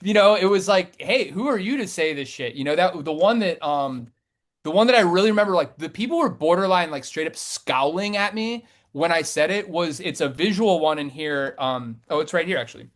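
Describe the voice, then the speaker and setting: A man in his thirties, a poet talking casually in an interview, rambling with many fillers and restarts. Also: a little fast. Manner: rambling, many fillers and restarts, animated swings in pitch and loudness.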